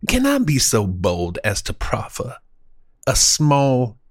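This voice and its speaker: A man putting on the voice of a pompous, old-fashioned gentleman with ornate, drawn-out formal phrasing. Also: mid-range voice, huge pitch swings, no echo, studio quality, exaggerated voice.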